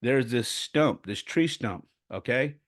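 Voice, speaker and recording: A man in his forties hosts a podcast and tells personal stories in a relaxed, conversational way. His voice sits in an ordinary middle register, and the sound is close and dry. He becomes animated when acting out other people, then drops low and soft in the more serious parts. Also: slow, dry recording. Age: 40s. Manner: animated storyteller who acts out quoted voices; turns quiet and subdued when speaking of loss. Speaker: podcast host. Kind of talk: casual personal storytelling.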